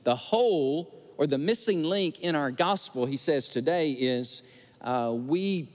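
A man preaching a sermon, telling stories and acting out the quotes with animated feeling. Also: on the high side, unhurried. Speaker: pastor. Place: large church sanctuary. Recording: church sanctuary with long reverb.

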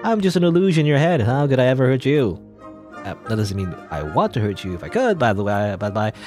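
A man's voice: mid-range voice, sing-song, fast talker, a little mellow, soft background music, close to an everyday voice. A man voicing a smug, chatty male guardian angel in a game, breezy and teasing. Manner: breezy, teasing, self-satisfied.

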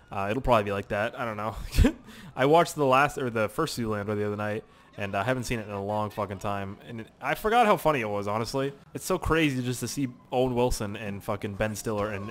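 A young man with a Canadian accent giving casual, rambling gameplay commentary, chatty and sweary, with lots of fillers and repeats. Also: medium pitch. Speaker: gaming channel host.

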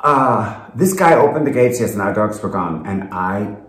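A man's voice: lowish voice, animated, moderate pace. A man co-hosting a casual home vlog, talking bluntly about life at his chateau. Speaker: co-host, chateau owner. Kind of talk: casual chat. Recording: roomy echo.

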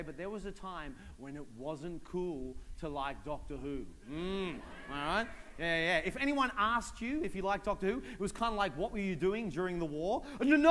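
A man performing a stand-up comedy routine at a convention, animated and acting out little voices. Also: fairly high pitch. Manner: animated, acts out voices and shouts for effect. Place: convention stage.

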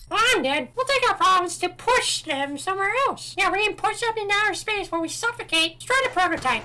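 A woman doing casual let's play commentary, excitable and quick to swear, reacting loudly to the game. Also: extremely high pitch, noisy background. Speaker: gameplay commentator. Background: game music.

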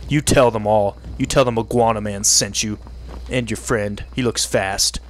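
A man giving joking let's-play commentary, partly in character, often laughing and yelling at enemies. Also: on the low side, steady tone, normal speed, slight background noise. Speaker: gaming video creator.

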